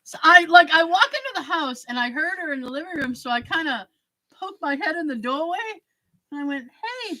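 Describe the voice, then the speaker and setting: Woman, podcast host, animated storytelling, crisp tone, dry close sound. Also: high voice, brisk, no room sound, low-quality recording. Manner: animated, acts out quoted dialogue. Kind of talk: casual storytelling chat.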